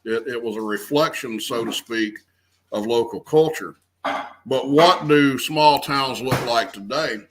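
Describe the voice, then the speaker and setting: A man's voice: medium pitch, unhurried, background noise. A man, speaking earnestly as a guest and restarting phrases as he talks. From American South. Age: 50s. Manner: earnest, restarts phrases often, stresses key words. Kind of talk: conversational interview.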